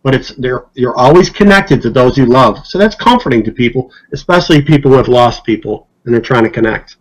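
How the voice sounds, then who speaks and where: Speaking fairly quickly over poor audio, a hypnotist guest on a podcast shares stories in a laid-back manner. He gets lively when quoting others, performing their lines with a rising pitch.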